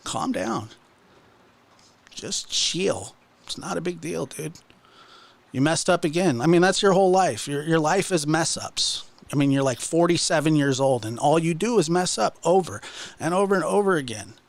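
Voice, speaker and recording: Lively, mocking man ranting. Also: on the high side, moderate pace, creaky, no room sound. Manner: mocking, exasperated, stumbling restarts. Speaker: channel host. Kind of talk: casual livestream rant.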